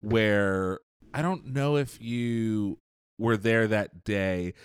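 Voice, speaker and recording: A man co-hosting a podcast, telling stories in casual chat, animated and profane, laughing often. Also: on the low side, extremely slow, smooth, no room sound, clean studio sound. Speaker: podcast co-host.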